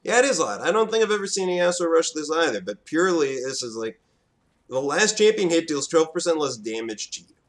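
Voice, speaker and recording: A man talks through his own match in a casual, excitable way. His voice sits a little high and leaps around in pitch. He drops to mutters, then bursts into shouts. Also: brisk. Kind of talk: casual gameplay commentary.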